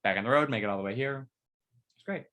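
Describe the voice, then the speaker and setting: A young man and podcast co-host telling a rambling, profanity-laced story in casual chat, his retelling getting animated. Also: mid-range voice, quick pace. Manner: rambling storytelling, heavy swearing, lively retelling.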